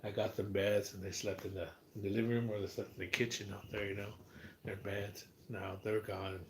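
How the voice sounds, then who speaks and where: A man's voice: on the low side, flat delivery, brisk, slight background noise. A man chatting casually to viewers on a livestream from his home, rambling and swearing often. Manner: rambling, profane, talks to chat. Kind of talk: casual live-stream chat.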